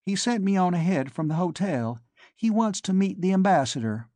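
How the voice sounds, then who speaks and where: A man voicing a proud, indignant young woman who speaks in clipped, sharp lines. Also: sits high, lively intonation, moderate pace, dry recording, voice pushed up.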